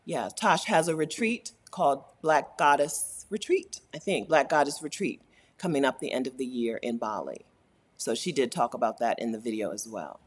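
A woman hosting a casual live stream, reading chat comments aloud, animated and laughing often, repeating her points for emphasis. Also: rumbling low, normal speed, husky. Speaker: YouTube host answering live chat.

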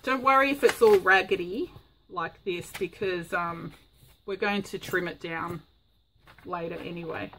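A woman's voice: on the low side, measured pace, a bit bright, a little hiss or hum, poor audio. Chatty woman crafting. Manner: chatty, rambling, frequent ums. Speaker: craft vlogger. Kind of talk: casual crafting tutorial.

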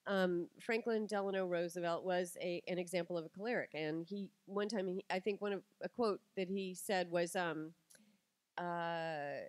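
A middle-aged woman giving a lively talk to an audience, telling stories and acting out quotes with animation. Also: fairly low pitch, moderate pace, no echo. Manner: animated storytelling, acts out quotes.

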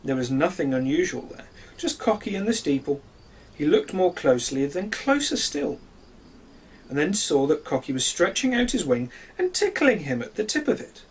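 A man reading a children's storybook aloud in a gentle, expressive way. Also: a little high, fairly quick, a little hiss or hum.

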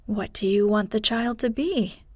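A woman's voice: medium pitch, unhurried, no room sound, natural voice. Woman reading an earnest old village pastor.

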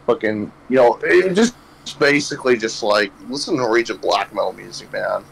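A man's voice: fairly low pitch, brisk, creaky, a bit bright, slight background noise, low-quality recording. A young man hosting a podcast, telling a rambling story full of swearing and laughing at his own jokes. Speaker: podcast host. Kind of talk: casual storytelling chat.

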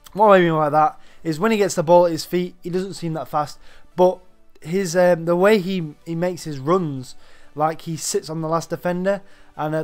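A young man, slightly out of breath, rambling casually through a video game player review with lots of ums. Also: on the high side. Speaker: gaming YouTuber.

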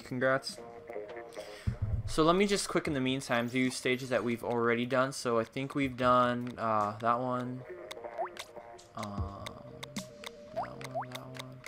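A young man streaming a game, chatting casually with viewers and reacting loudly to the action. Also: medium pitch, fairly even intonation, slow pace, long pauses, over music. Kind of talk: casual live-stream gameplay chat.

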